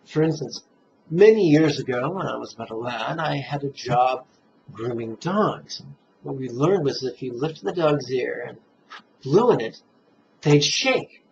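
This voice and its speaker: A man teaching meditation in a relaxed, playful dharma talk, chuckling at his own jokes and guiding listeners step by step through the breath. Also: mid-range voice, gravelly, slight background noise. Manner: guides listeners slowly through breathing steps. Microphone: camera mic, self-filmed. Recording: dull, muffled camera audio.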